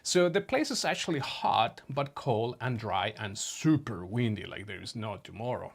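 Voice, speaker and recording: A man's voice: on the low side, expressive, normal speed, gravelly, slightly rough. Chatty man telling a story to viewers. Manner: chatty, addresses viewers as friends, many fillers. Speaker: vlogger. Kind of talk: casual storytelling to camera.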